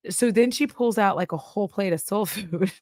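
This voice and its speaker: A woman's voice: medium pitch, moderate pace, darkish tone, dry recording, clean studio sound. A woman from Texas, giving casual, rambling commentary full of laughs and side notes. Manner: chatty, laughs often, tangents and asides. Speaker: commentary YouTuber.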